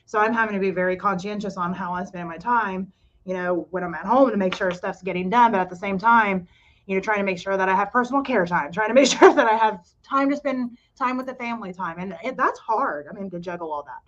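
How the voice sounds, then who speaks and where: A woman's voice: medium pitch, fairly quick. Chatty middle-aged woman, slightly dull recording. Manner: chatty, rambling, self-deprecating. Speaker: podcast co-host and cafe owner. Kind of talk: casual chat.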